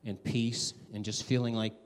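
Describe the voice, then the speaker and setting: Animated man preaching a sermon. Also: normal speed. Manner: animated, conversational, acts out quotes with big pitch swings. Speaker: pastor.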